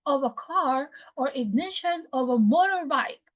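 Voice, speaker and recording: A woman from the Philippines with a Filipino accent, teaching English pronunciation slowly and deliberately, repeating words for drills. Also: sits high, expressive, dry recording, low-quality recording. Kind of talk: pronunciation lesson.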